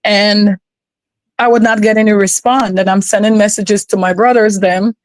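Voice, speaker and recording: A woman's voice: mid-range voice, steady tone, normal speed, no room sound, low-quality recording. A woman from Guyana with a Guyanese accent, a podcast guest giving an earnest, emotional personal testimony that circles back on itself.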